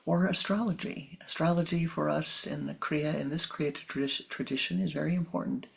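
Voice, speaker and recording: Gravelly, unhurried spiritual teacher. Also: mid-range voice, fairly even intonation. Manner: slow, repetitive, with soft whispery stretches. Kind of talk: meditative spiritual talk.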